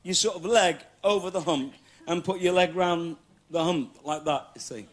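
A man's voice: sits high, moderate pace. A male comedian hosting a stage show, telling cheeky stories and laughing along with the audience. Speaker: comedian host. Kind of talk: stand-up audience Q&A. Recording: loud crowd laughter, noisy TV studio.

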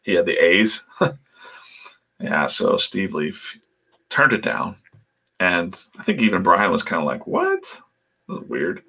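A man's voice: low voice, measured pace, creaky, pauses often, pushed and bright, husky. A man hosting a casual livestream, telling rambling anecdotes with laughs and swearing. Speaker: comic artist and channel host.

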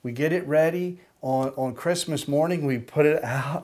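An older man preaching a sermon, slow and deliberate, with emphatic pauses and a led prayer. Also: on the high side, darkish tone. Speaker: pastor.

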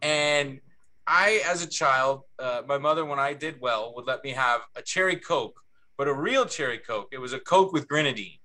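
A man, a book's co-author, telling an anecdote on a panel with an animated, chatty delivery. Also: mid-range voice, moderate pace. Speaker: book co-author.

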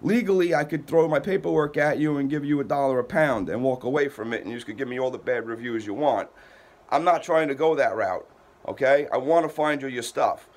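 A man's voice: mid-range voice, brisk. A man who owns a moving company, talking on a heated phone call in an exasperated, defensive way, stammering and repeating himself.

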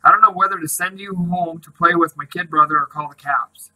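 A man's voice: on the high side, fairly even intonation, fairly quick, pushed and bright, faint music behind, rough recording. Male reader doing a brash, streetwise teen boy; storybook reading, teasing. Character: brash, cocky teenage town boy.

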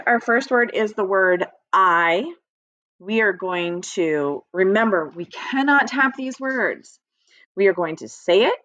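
A woman's voice: medium pitch, a bit bright, no echo. A woman teaching an early-reading lesson to young children in a patient, encouraging way, speaking directly to her students. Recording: dry, slightly dull lo-fi audio.

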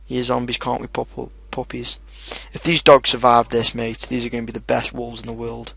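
A young man giving casual commentary over his own gameplay, excitable and swearing often, shouting at his in-game dogs. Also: mid-range voice, normal speed, vocal fry, no room sound. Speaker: gaming video host. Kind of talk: casual let's play commentary.

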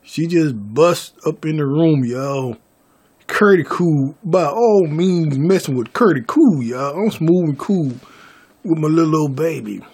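A man's voice: on the high side, very animated, measured pace, a little mellow, slightly rough. A man vlogging a story to his viewers, stammering through restarts and calling them y'all.

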